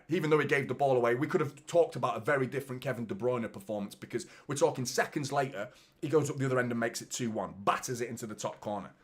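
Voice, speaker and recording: A man hosting a live football watchalong stream, chatting casually and swearing, talking straight to his viewers and reading out their messages. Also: medium pitch.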